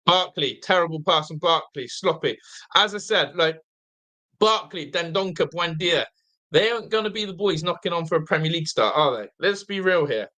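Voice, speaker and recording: Bright-voiced tired English fan host. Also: male voice, a little high, normal speed. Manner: chatty, reads out viewer comments, swears mildly. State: tired, half asleep. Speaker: watch-along host. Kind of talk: live fan watch-along commentary.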